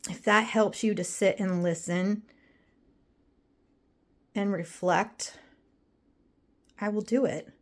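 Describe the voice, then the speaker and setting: A woman's voice: medium pitch, steady tone, slow, pauses often. Chatty, rambling woman vlogger. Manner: rambling, chatty and emotional, drifting between topics. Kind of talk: casual chat to camera.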